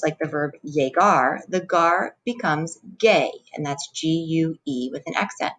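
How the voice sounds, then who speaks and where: Woman Spanish teacher, low voice, patient and clear video-lesson delivery. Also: poor audio. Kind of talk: recorded classroom lesson.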